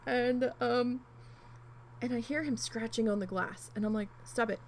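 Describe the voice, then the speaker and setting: Chatty woman with a gravelly voice. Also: a little high, measured pace, a little hiss or hum, poor audio. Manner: rambling, chatty, animated retelling with frequent asides and mild swearing. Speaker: crafting vlogger. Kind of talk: casual storytelling while needle felting.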